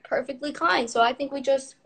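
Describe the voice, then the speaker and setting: A woman's voice: high voice, brisk, gravelly, very noisy. A middle-aged woman on a livestream, speaking to supporters in firm, upbeat, rallying statements. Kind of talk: livestream address to followers.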